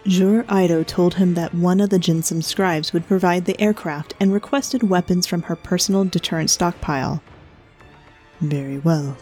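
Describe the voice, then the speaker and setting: Woman narrating a story in a mellow voice. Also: fairly low pitch, steady tone, normal speed, hardly any pauses, soft background music.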